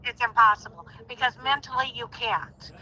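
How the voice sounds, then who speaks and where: A woman's voice: fairly high pitch, normal speed, pushed and bright, low-quality recording. A woman in her sixties calling in to a live stream, talking earnestly and pleadingly, her voice rising sharply when she grows indignant. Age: 60s. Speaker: caller. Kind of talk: emotional call-in on a live stream.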